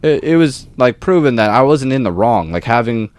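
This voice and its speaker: Medium in pitch and moderate in pace, a young man co-hosting a podcast tells a work story with no room sound. It's a casual, animated telling, heavy on profanity and acted-out quotes.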